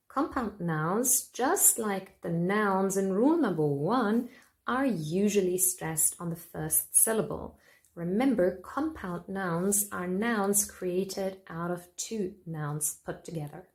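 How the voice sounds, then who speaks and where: A woman teaches English word stress at a very slow pace. She speaks in a clear, emphatic, scripted way and repeats each example word. Her pitch sits in the middle range. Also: lively intonation, a little mellow.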